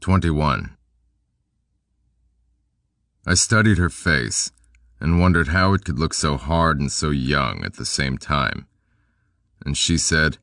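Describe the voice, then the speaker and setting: A very deep-voiced man narrating a first-person audiobook in a dry, deadpan way. His pitch still moves a lot, giving a lively lilt to a low-key delivery. The sound is close and dry, with no room around it. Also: slow pace, gravelly, long pauses, no echo.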